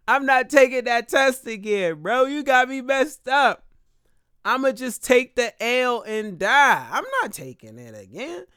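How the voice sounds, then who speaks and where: A young man tells a comic story in an exaggerated, slang-heavy way. He drawls slowly, and his voice is smooth and clear. The sound is dry and close, with no room echo. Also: sits high. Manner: animated, exaggerated, slang-heavy, dramatic pauses. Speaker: comedian vlogger.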